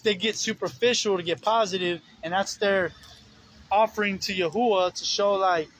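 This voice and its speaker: High-voiced rambling street preacher man. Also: steady tone, normal speed, a bit bright, a little hiss or hum, low-quality recording. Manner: rambling, filler-heavy, earnest. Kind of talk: informal sermon. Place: outdoors on the streets.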